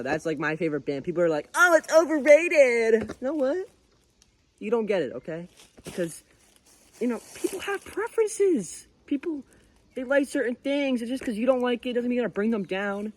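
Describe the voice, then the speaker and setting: A man's voice: high-pitched, a little mellow. A young man giving a rambling, earnest pep talk full of crude slang while walking through the woods, recorded on a phone. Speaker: vlogger. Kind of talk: casual vlog chat on a walk. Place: outdoors in woods. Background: faint birds and insects.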